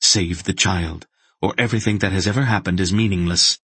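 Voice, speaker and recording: A man's voice: low-pitched, steady tone, fairly quick, sharp tone, husky, no room sound, heavily acted. A man voicing a dry, crackling inner voice that speaks with grave insistence. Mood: insistent. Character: ancient dry voice inside a mind, grave.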